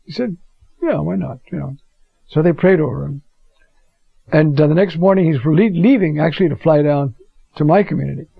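A man's voice: fairly high pitch, fairly quick, vocal fry, long pauses, breathy edge, no room sound. An older man giving a conversational Bible teaching, telling stories and often asking his listeners "you see?". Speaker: preacher. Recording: dull lo-fi recording.

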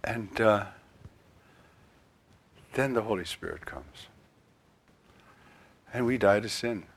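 Speaking slowly in a low, gravelly, husky voice, an older priest gives a sermon. He keeps it animated and conversational, often restarting his sentences.

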